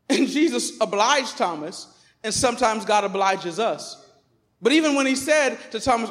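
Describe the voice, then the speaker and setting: A man preaching a sermon as pastor in a church, emphatic, swinging between loud declarations and quiet asides. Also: high-pitched, lively intonation, brisk, long reverb tail. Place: church sanctuary.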